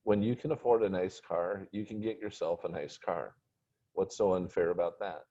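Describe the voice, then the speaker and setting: A man voicing a calm, wealthy father who lectures his son patiently. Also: low-pitched, moderate pace. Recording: dull lo-fi recording.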